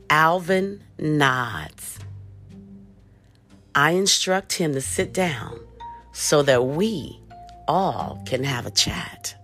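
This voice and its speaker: A woman's voice: low voice, very animated, drawn-out words, long pauses, fairly bright tone, soft background music. A woman narrating a first-person erotic story in a sultry, teasing manner.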